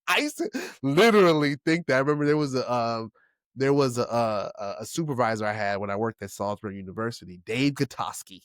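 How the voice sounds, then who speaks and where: A man in his forties hosting a solo podcast, talking candidly and emotionally, swearing casually, restarting often with his pitch swinging widely. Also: animated, brisk, fairly bright tone, no room sound, clean studio sound. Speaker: podcast host.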